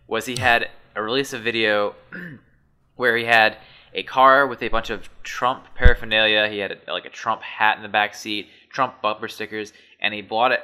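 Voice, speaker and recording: A man's voice: on the low side, pushed and bright, clean tone. A man co-hosting a casual podcast chat, telling a story in a rambling, sarcastic way with many restarts. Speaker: podcast co-host.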